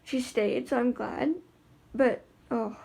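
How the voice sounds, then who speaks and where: A woman's voice: a little high, steady tone, slow pace, gravelly, mellow, slightly rough. A woman talking in a casual vlog about life with her guide dog, chatty and rambling with lots of fillers and restarts.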